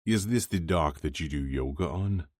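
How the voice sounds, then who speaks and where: A man's voice: a bass voice, animated, normal speed, darkish tone, dry recording, studio quality. A man voicing an earnest, eager young male hockey player in an audiobook, with a lifted, open delivery. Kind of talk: audiobook character voice.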